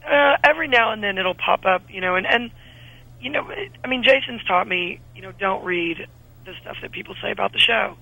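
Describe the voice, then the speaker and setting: Husky, bright-voiced woman actress. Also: medium pitch, fairly quick, no echo, low-quality recording. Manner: chatty, animated, frequent restarts. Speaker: actress guest. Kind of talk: casual radio interview chat.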